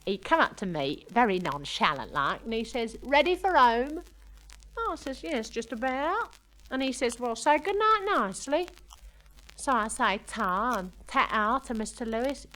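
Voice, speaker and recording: A woman's voice: on the high side, big pitch swings, a little slow, a bit bright, pitched above the performer's own voice, rough recording. A woman playing a chatty young working-class woman who tells a comic story in broken, slangy grammar. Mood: gossipy. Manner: ungrammatical cockney-style chatter, "we done", "I says". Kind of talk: comic monologue.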